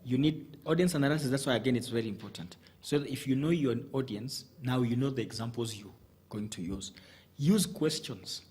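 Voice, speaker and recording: Brisk and medium-pitched with a darkish tone, a male studio guest coaches on communication. His advice comes methodically in numbered points, with frequent restarts.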